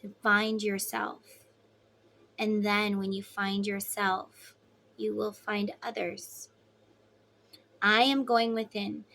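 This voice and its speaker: A woman giving a casual tarot reading, blunt and swearing freely, acting out quoted voices loudly. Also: medium pitch, little pitch movement, takes it slowly, vocal fry, long pauses. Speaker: tarot reader.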